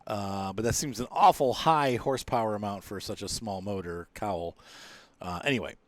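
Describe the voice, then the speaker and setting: A man's voice: fairly low pitch, dry recording. A man giving casual commentary as he reviews an airplane in a flight simulator, rambling with many fillers and restarts.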